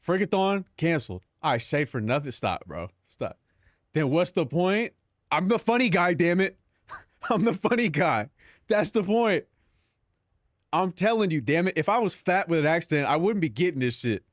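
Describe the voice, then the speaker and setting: A young man talking on a live stream in a slightly high voice, loose and profane, cracking jokes at chat. The sound is dry and close, straight into a desk mic. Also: very animated, normal speed, no echo. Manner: joking, profane, laughs at his own bits.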